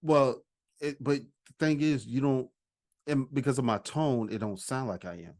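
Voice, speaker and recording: Man, casual podcast talk, relaxed storyteller, acts out quotes. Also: medium pitch, moderate pace. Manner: relaxed storytelling with quoted dialogue, laughs often. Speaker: co-host, husband.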